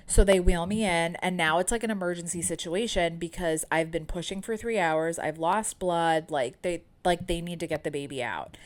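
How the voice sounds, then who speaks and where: Chatty woman, candid and unfiltered. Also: fairly low pitch. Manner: chatty and candid, many "like" and "um" fillers. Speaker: podcast host. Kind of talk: candid personal storytelling.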